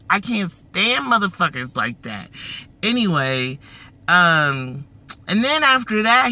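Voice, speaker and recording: A man casually telling a story to his viewers, animated and profane, with slangy asides. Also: sits high, slow pace. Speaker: vlogger.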